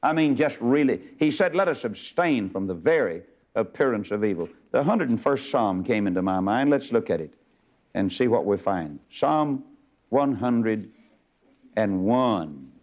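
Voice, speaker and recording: An older man preaching a fiery, emphatic sermon, swinging from loud high bursts down to low murmurs. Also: lively intonation, moderate pace. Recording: dull lo-fi sermon tape.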